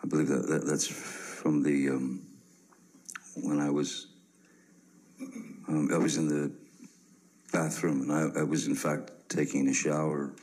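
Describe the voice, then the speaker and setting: Very deep, slow, halting man. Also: level tone, darkish tone, poor audio. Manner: halting, many pauses and restarts. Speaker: witness testifying in court. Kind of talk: courtroom testimony. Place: courtroom.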